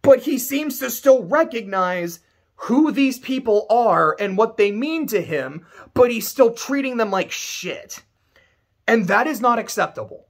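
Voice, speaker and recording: A man's voice: extremely high pitch, lively intonation, unhurried. A man giving casual game commentary to camera, emphatic and ranting, swearing freely. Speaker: video creator.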